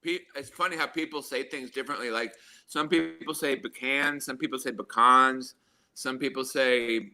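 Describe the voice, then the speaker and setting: A man's voice: mid-range voice, fairly quick, hardly any pauses, bright, forceful tone. A man in a casual chat, speaking hesitantly with stumbles.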